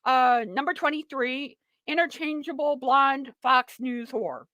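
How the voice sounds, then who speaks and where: A woman hosts a live political talk show with a high, bright, sharp voice. She rambles and mocks in a sarcastic tone. The sound is dry and close. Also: unhurried, dry recording. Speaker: show host.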